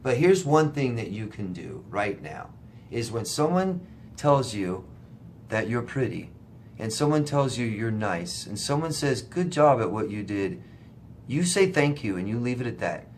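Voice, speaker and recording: A man's voice: mid-range voice, very animated, measured pace, a little hiss or hum. Blunt, emphatic male life coach. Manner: reads viewer questions aloud then answers. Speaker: life coach answering viewer questions. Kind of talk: casual direct-to-camera advice.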